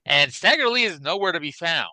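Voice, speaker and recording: A man co-hosting a podcast, chatting casually about classic wrestling in an animated, rambling way with many restarts. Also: fairly high pitch, a little fast, dry recording, rough recording. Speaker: podcast co-host.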